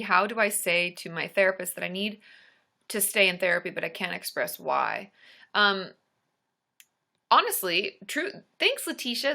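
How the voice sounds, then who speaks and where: A young woman with a bright, clear-edged voice chats through a live-stream Q&A as a therapist. She is bubbly and talkative, cheering viewers by name between her answers. The tone is casual and friendly throughout. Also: lowish voice.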